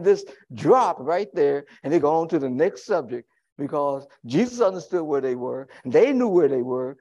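A man's voice: medium pitch, warm tone. A male pastor preaching a sermon in a folksy, conversational way, with humorous asides to the congregation.

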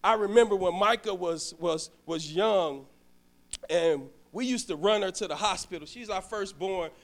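High-voiced male deacon preaching. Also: normal speed. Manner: personal storytelling with frequent stammered restarts; addresses the congregation directly. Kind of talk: sermon. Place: church sanctuary.

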